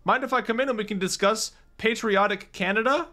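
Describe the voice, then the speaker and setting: A man's voice: sits high, brisk, bright, forceful tone, a little hiss or hum, pitched above the performer's own voice. A man doing a chirpy folksy Midwest camper.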